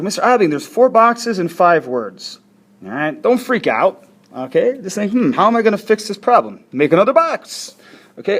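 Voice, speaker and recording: A man teaching a recorded lesson, walking students through a worksheet in a chatty, self-deprecating and encouraging way. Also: a little high. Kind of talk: recorded classroom lesson walkthrough.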